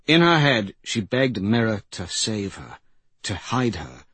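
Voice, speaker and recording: A man narrating a fantasy story in a measured, grave manner. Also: lowish voice, sing-song, a bit bright, husky, no echo. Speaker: audiobook narrator.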